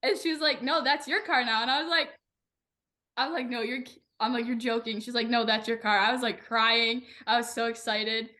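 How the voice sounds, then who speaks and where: A young woman talks with bubbly, animated energy, peppering her sentences with "like." Her voice sits a bit high and sounds bright and forward. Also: fairly quick. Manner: bubbly, animated, many "like" fillers. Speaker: guest racer. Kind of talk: casual podcast chat.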